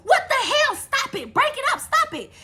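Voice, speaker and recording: A woman's voice: extremely high pitch, big pitch swings, normal speed, bright, forceful tone, voice pushed up, heavily acted. A woman voicing an angry adult female school bus driver who shrilly scolds kids. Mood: scolding.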